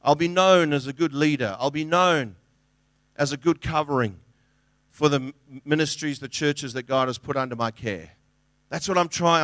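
A middle-aged man preaching to his congregation in an earnest, conversational way. His voice sits a little high for a man, and the sound is dry and close, with no room echo. He often restarts sentences and acts out little quotes. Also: fairly bright tone. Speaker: pastor. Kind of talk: sermon.

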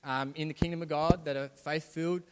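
Male pastor, conversational sermon that swells to emphasis, a touch high, long hall reverb. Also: fairly even intonation, a little fast, clean tone. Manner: conversational preaching, rising to emphatic. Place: church hall.

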